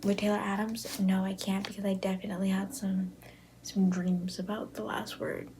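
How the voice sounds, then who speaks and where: 19 yo girl from buffalo whispering late at night about books, bit of vocal fry, hiss in the background. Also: mid-range voice, level tone, moderate pace, warm tone, low-quality recording. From Buffalo, New York. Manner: chatty, gushing, full of fillers. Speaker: book vlogger. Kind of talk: casual chat to camera.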